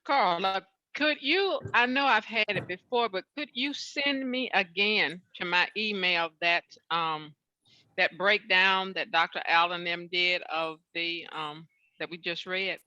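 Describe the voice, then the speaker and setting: Woman with a very bright, dry video call voice. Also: on the low side, measured pace, dry recording. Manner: polite and chatty. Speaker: class participant. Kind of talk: casual request on a video call. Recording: dull, muffled video call audio.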